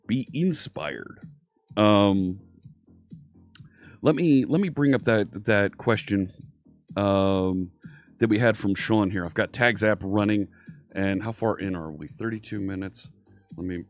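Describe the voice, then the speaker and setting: Upbeat Philadelphia man, lower voice. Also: measured pace, long pauses. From Philadelphia, USA. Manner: upbeat, greets viewers by name. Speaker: programming instructor and streamer. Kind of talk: casual live-stream coding chat. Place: home studio. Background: faint synthwave music.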